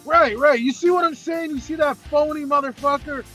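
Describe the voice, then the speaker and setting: A man's voice: extremely high pitch, moderate pace, pushed and bright, faint music behind. A man on a heated livestream discussion, insistent and pushing to get his question in. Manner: insistent, keeps trying to cut in.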